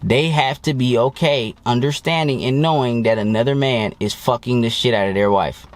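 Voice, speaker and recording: A dating coach talking to camera in a blunt, profane and boastful way, in a casual monologue. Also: male voice, medium pitch, normal speed.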